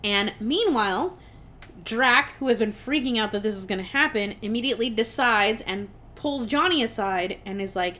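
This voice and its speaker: Young woman podcast co-host, rambling casual movie recap, a touch high-voiced. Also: moderate pace, bright, forceful tone. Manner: rambling, swearing, quoting characters in voices.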